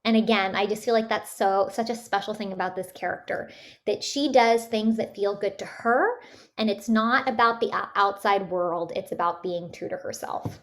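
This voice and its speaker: A woman's voice: mid-range voice, normal speed, a bit bright. A woman from Canada, a voice actress, chatting casually in an interview with many fillers and restarts. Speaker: voice actress guest.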